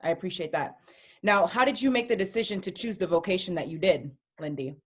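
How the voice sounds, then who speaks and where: Interview host, measured, hesitant phrasing with fillers. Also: medium pitch. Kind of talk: interview talk.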